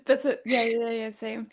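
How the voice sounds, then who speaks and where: A podcast co-host from the United States speaks slowly in a slightly high, husky voice. Chatting casually, she tells stories with animation, performing what others said and laughing often.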